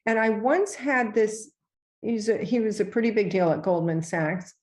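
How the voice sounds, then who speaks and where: A woman's voice: medium pitch, normal speed. A middle-aged woman, a real estate agent, telling stories in a casual podcast interview over a remote call. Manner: chatty, animated storyteller who mimics other voices.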